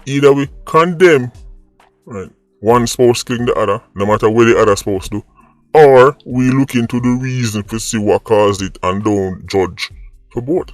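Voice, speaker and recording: A Jamaican man hosts an opinion vlog, arguing his point and tagging a rhetorical "right?" onto his sentences. His voice is medium-pitched and moderately paced, in a dry recording with faint music behind.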